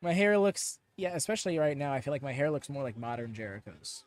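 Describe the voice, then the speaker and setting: A young man hosting a live watchalong stream, chatting excitedly with many fillers and quick laughs on a close mic. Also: medium pitch. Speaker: watchalong host. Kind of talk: live reaction commentary.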